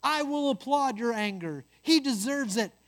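A self-righteous, fault-finding brother who eagerly accuses his sibling, voiced by a storyteller. The voice rides higher and louder than the narration, with a keen, accusing push. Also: animated, normal speed.

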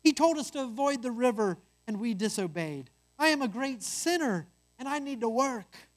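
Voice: mid-range voice, very animated, moderate pace, pitched above the performer's own voice, lightly acted. A reader voicing a guilt-ridden youngest brother, earnest and anxious, in a told parable. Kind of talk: storytelling.

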